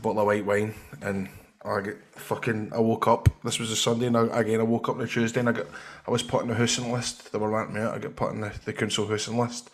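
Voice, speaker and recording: A man's voice: lowish voice, little pitch movement, fast. A Scottish man telling rambling, sweary anecdotes as a guest in casual podcast chat.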